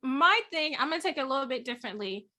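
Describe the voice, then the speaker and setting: A woman's voice: high-pitched, animated, fast talker, sharp tone. A woman speaking as a guest on a podcast, chatting casually about dating and laughing often.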